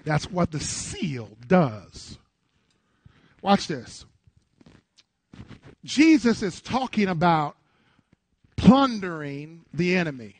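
A middle-aged male pastor preaching a sermon to his congregation in church, with call-and-response that swells into shouts. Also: sits high, big pitch swings, slow pace, pauses often, no room sound.

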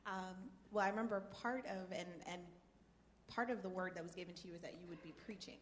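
A woman's voice: lowish voice, fast talker. Upbeat woman co-host in a hall. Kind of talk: casual chat. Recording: reverberant hall, faint background noise.

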